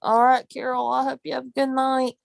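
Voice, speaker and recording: A woman with a Southern US accent, chatting casually on a live stream, rambling with many pauses and ums while greeting viewers. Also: high voice, little pitch movement, vocal fry, dry recording. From Southern United States. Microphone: phone.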